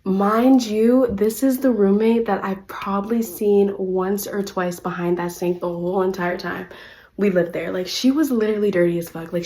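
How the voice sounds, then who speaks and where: Young woman vlogger, storytime monologue, chatty and profane, loud rants and hushed asides. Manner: chatty, animated, heavy use of "like", swears freely; swings between loud ranting and low, quiet asides. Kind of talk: casual storytime vlog.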